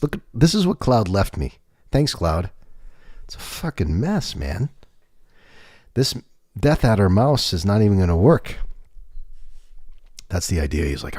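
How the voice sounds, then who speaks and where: A man's voice: fairly low pitch, very animated, normal speed, pauses often, darkish tone, no room sound, clean studio sound. A man hosting a livestream, chatting casually in a rambling, candid way with some swearing. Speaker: livestream host.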